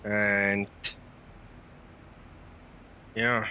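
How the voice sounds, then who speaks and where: Chatty, bright-voiced man streaming late. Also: fairly low pitch, level tone, drawn-out words, slight background noise. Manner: rambling, chatty, with fillers. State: tired, yawning. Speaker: flight sim streamer. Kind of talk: casual live-stream chat.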